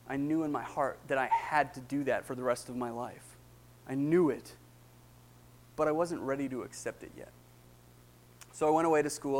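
A young man giving his testimony in a sermon, acting out the people in his story, excited at times and hushed at others. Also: medium pitch. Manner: animated storytelling, acting out dialogue, rising excitement then hushed.

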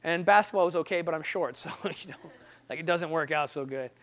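A young man giving a lively motivational talk to an audience, acting out little scenes and voices as he tells stories. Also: fairly high pitch, fairly quick. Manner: animated, acts out voices and sound effects. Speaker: speaker.

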